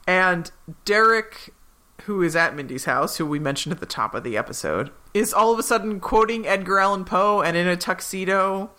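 A woman with a bright, forceful tone and a slightly low pitch for her sex. She co-hosts a podcast, recapping an episode in relaxed, animated talk. She slips into the characters' lines with quick put-on voices. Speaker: podcast co-host. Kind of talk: casual episode recap chat.

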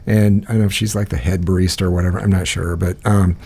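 A man's voice: low voice, level tone, fast talker, vocal fry, dark tone, slightly rough. A man co-hosting a podcast, telling a rambling story in casual chat, with many restarts and frequent laughter. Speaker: podcast co-host.

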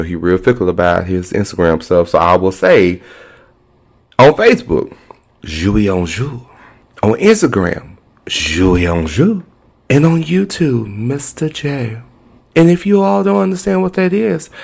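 Sassy gravelly podcast host man. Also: mid-range voice. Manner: animated, sassy, playful. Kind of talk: casual podcast chat.

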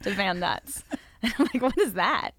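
A woman guest on a podcast, chatting casually with wry, deadpan jokes and frequent laughter. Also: mid-range voice, moderate pace, dry recording.

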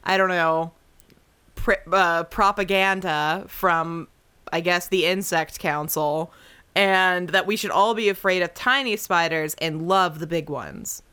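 A woman's voice: lowish voice, measured pace, bright, forceful tone, clean tone. A woman from the United States co-hosting a podcast, asking playful, teasing questions. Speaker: podcast co-host. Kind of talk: casual podcast chat.

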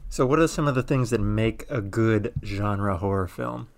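Deadpan male podcast co-host. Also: on the low side, moderate pace, creaky, a little hiss or hum. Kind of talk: casual podcast chat.

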